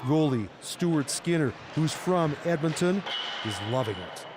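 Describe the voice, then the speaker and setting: A man narrating a news report in a steady, scripted voice-over. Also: a little high, a little slow, noisy background.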